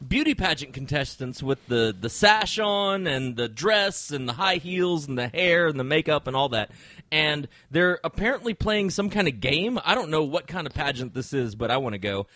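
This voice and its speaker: Man, podcast co-host, casual joking chat, high lively voice, dry close sound. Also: normal speed, dry recording. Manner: animated and joking, laughs often.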